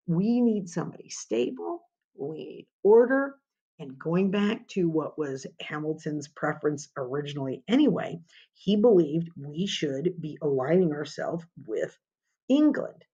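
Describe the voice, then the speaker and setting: A woman's voice: low-pitched, warm tone, slightly rough, dull audio. A woman teaching a history lesson in an informal, conversational way, asking rhetorical questions as she goes. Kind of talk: informal classroom lecture.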